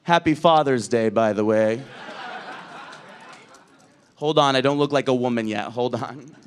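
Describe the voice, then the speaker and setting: A man's voice: medium pitch, unhurried, slight background noise. A man hosting a drag comedy show, doing stand-up crowd work on a club stage in a brash, profane way as he teases the audience.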